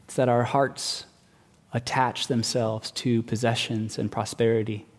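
Male preacher, earnest and measured, mid-pitched voice, long hall echo. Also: flat delivery. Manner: earnest, measured, slows for emphasis. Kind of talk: sermon.

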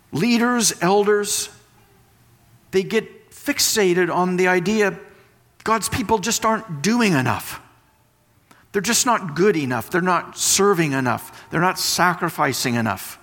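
Lively male preacher in a reverberant hall. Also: sits high, slow. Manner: teaching with everyday comparisons, repeating key phrases. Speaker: pastor. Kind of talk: sermon.

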